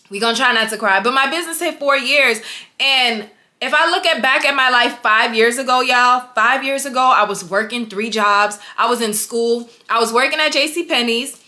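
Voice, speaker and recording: Speaking at a normal speed, a young woman with a slightly high voice sounds pushed and bright. She's a business owner vlogging motivational talk, repeating herself emphatically and spurring on viewers she addresses as y'all.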